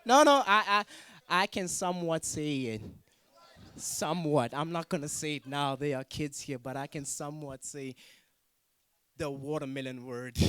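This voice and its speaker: A man's voice: on the high side, unhurried, pushed and bright, smooth. A man from Africa doing a stand-up comedy set at a student talent show, teasing the crowd and judges with mock outrage.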